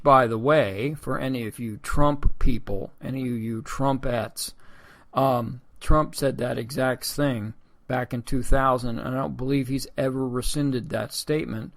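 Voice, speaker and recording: Man, podcast host, political monologue, sarcastic, digressive, medium pitch. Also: unhurried. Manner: sarcastic, digressive, addresses listeners as folks.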